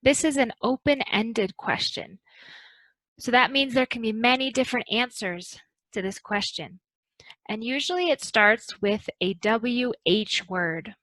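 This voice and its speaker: Bright, crisp woman teaching English. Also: on the high side, no room sound, poor audio. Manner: slow, careful, modeling intonation. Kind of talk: pronunciation lesson.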